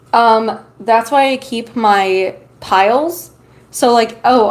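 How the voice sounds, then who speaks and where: Chatty high-voiced woman streamer. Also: darkish tone. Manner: chatty, loose, many filler ums. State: has the hiccups. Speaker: streamer reading tarot. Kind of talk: casual live-stream chat.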